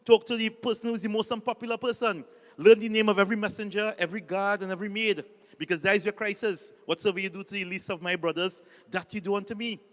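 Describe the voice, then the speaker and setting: High-voiced Trinidadian priest, jokey. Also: male voice, fairly even intonation, quick pace, a bit bright, in a large hall. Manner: jokey storyteller, calls on the audience to repeat lines. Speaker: Catholic priest and speaker. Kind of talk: humorous motivational talk.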